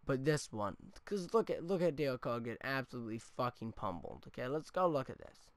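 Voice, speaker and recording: A gaming YouTuber rants angrily over gameplay in a medium-pitched, expressive voice, speaking briskly with no echo. He swears heavily and often caps his points with "okay?"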